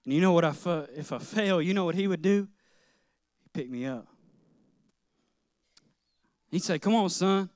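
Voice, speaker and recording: Middle-aged guy preaching, kinda high voice, smooth and clear, dry close sound, earnest storytelling. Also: moderate pace, pauses often, darkish tone, no room sound. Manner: earnest, personal storytelling with light laughter. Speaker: pastor. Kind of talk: sermon.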